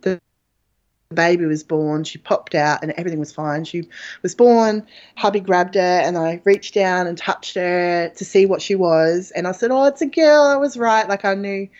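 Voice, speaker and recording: Chatty woman, candid, lots of ums, slightly low voice, dull lo-fi sound. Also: steady tone, moderate pace, a little mellow. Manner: chatty and frank, with frequent fillers and laughs. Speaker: interview guest. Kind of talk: candid personal storytelling. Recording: dull lo-fi audio.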